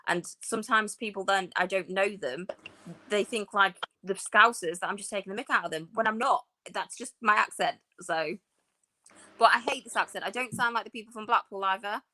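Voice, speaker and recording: A woman with a softened Northeast English accent, chatting as a podcast co-host in an animated, storytelling way. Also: mid-range voice, brisk. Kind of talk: casual chat.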